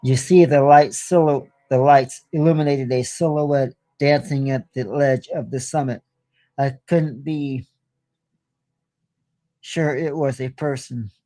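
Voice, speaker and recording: A man tells a horror story as host of his own show, unhurried and deliberate, with the odd stumble. His voice is mellow and of middling pitch. The sound is dry and close to the mic. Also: fairly even intonation, no room sound. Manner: slow, deliberate telling with small stumbles.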